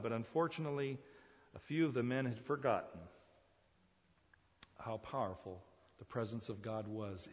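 A man preaching a sermon as pastor, shifting from hushed, low lines to loud, high exclamations, with chuckles and restarts. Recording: dull reverberant hall sound.

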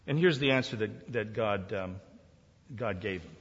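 Husky preacher in an echoing hall. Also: male voice, fairly low pitch, unhurried, pauses often. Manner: emphatic, with rhetorical questions. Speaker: pastor. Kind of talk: sermon. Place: large hall. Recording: dull sound in a reverberant hall.

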